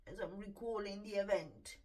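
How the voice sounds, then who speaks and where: A woman slowly telling an emotional personal story, her voice tearful as she holds back crying. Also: medium pitch, a little mellow, distant mic, poor audio. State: close to tears. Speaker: tarot reader.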